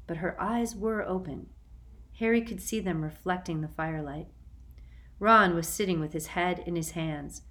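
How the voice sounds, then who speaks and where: Low-voiced woman reading a story. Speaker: audiobook narrator. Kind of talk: storybook narration.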